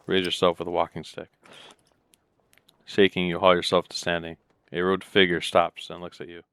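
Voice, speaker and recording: A man casually reading game text and muttering asides as he plays. Deep, smooth voice on a close mic with a dry, flat sound. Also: normal speed, dry recording. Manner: laid-back, muttering asides between reading. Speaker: let's play gamer.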